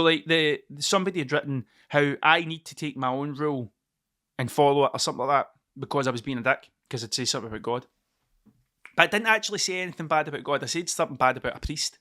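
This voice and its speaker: A man from Scotland with a fairly high pitch and a sharp tone hosts his own podcast. His monologue is casual and meandering, with plenty of swearing as he drifts from point to point.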